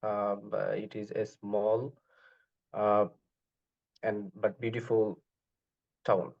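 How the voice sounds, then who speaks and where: A man from Bangladesh, answering speaking test questions with many pauses and fillers. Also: on the low side, little pitch movement, gravelly. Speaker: exam candidate. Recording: dull lo-fi call audio.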